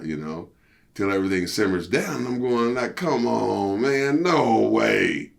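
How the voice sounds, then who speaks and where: A middle-aged man, a former pro wrestler, telling stories in a casual interview, animated and profane, peppered with "you know" and "see". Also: normal speed, creaky. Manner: animated storyteller, jumps high for quoted outbursts.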